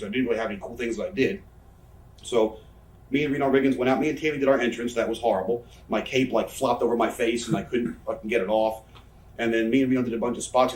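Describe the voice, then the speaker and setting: This interview guest, a pro wrestler in his thirties, has a lowish voice with a darkish tone. He tells wandering, profane stories that make fun of himself in a relaxed conversation, recorded with a far-away mic in a roomy room.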